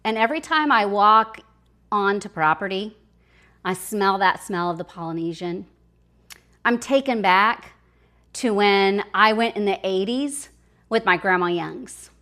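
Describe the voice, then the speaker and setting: A woman's voice: mid-range voice, unhurried. Enthusiastic middle-aged woman travel vlogger. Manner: warm, enthusiastic, conversational with pro tips. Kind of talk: personal travel vlog advice.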